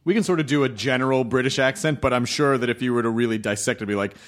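A man with a middle-pitched voice chats in an animated, talkative way during a casual podcast conversation. He scatters likes and uhs through his sentences. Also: very fast. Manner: chatty, animated, with frequent fillers. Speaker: voice actor.

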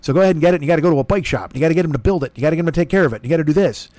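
A middle-aged podcast host rambles very fast through a profane, self-deprecating storytelling monologue, acting out both sides of conversations. His voice is on the high side with a darkish tone, recorded on a laptop with no room sound.

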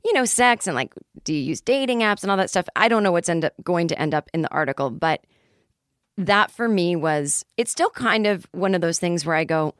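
In a close, dry recording with no echo, a forties-aged woman podcast host runs through a loose comedy monologue that pokes fun at herself. She speaks a little fast and with animation, in rambling, chatty bursts, her voice sitting slightly low.

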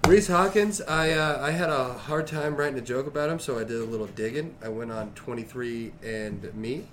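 A man's voice: mid-range voice, moderate pace, a bit bright, slight background noise. A man co-hosting a comedy podcast, laughing often and swearing freely in loose banter. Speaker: podcast co-host. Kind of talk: casual comedy chat.

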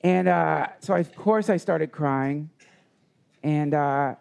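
A man telling a personal story in conversation, earnest and halting with many restarts. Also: fairly high pitch, gravelly, darkish tone, smooth. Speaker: guest.

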